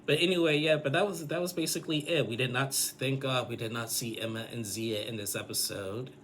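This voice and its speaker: A man's voice: mid-range voice, fairly quick, a bit bright, slight background noise. A man giving a casual, rambling episode recap, full of fillers and restarts. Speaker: recap vlogger.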